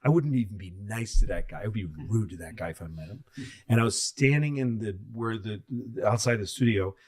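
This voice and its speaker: Low-voiced man telling rambling stories. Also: a little fast, darkish tone. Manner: rambling, profane storytelling. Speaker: comedian. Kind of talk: casual podcast chat.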